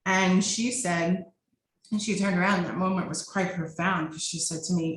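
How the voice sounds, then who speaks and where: A woman's voice: fairly low pitch, steady tone, moderate pace. A middle-aged woman therapist talking over a video call, explaining in a conversational way and often checking in with the listener. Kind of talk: conversational teaching talk. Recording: echoey room with faint noise.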